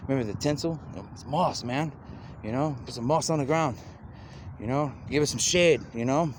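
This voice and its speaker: A man rambles on in an unhurried stream of talk, stringing thoughts together with endless "you know"s. His voice sits at an ordinary middle pitch. A faint background hiss runs under the recording. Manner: rambling, loose, repeats "you know" constantly, slips into quoted voices. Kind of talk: rambling monologue.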